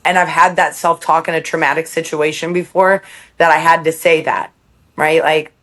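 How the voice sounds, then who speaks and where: A woman's voice: low-pitched, little pitch movement, normal speed, fairly bright tone. A woman as a podcast guest, speaking candidly and reflectively, laughing between thoughts and quoting her own self-talk.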